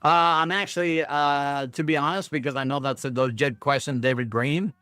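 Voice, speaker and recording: A man with a slightly high voice hosts a loose, unscripted livestream and talks straight to his chat. He is sarcastic and self-mocking and swears freely. The sound is dry and close, with faint music underneath. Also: fairly even intonation, moderate pace, pushed and bright, smooth, no echo. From Canada. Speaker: livestream host. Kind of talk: rambling profane livestream chat.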